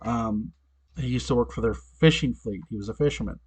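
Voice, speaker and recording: A man's voice: medium pitch, brisk, slightly rough. A man giving a casual, chatty episode recap as a fan reviewer, laughing often and restarting his sentences with asides.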